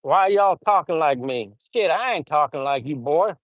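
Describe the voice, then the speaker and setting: A man's voice: on the high side, expressive, moderate pace, dry recording, phone-quality sound, close to an everyday voice. A man voicing a folksy, hospitable Southern country man with an exaggerated drawl and a raised, twangy voice. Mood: gruff joking. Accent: Southern US (put on).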